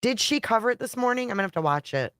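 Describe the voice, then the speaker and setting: A woman's voice: on the high side, expressive, rapid-fire, dry recording, clean studio sound. A woman YouTube creator talking casually on a live stream, chatty and blunt, reading viewer comments and swearing now and then.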